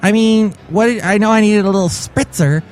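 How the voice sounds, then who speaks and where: A man's voice: sits high, brisk, noisy background, pitched above the performer's own voice, lightly acted. A man voicing a perky woman from a TV ad, bubbly and chirpy. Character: perky female TV-ad mom.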